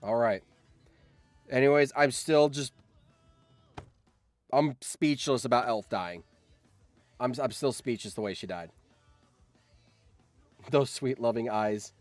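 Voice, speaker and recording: A man streaming live, reacting excitedly and yelling in surprise on a close mic. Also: mid-range voice, slow pace, pauses often, no echo, faint music behind. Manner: excitable, yells in surprise, laughs often.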